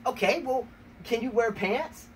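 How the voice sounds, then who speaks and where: A man's voice: very high-pitched, unhurried. An American man hosting a tennis talk show, playfully trash-talking his wife in a rambling, teasing way. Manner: teasing, rambling, repeats "number one, okay?". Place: outdoors on a rainy day. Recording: distant mic with faint ambient noise.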